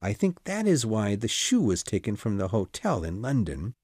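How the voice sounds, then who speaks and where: A man voicing an urgent, commanding middle-aged male detective in an audiobook, with brisk exclamations and reasoning. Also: lowish voice, huge pitch swings, darkish tone, husky, no echo, studio quality, heavily acted. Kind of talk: audiobook character reading.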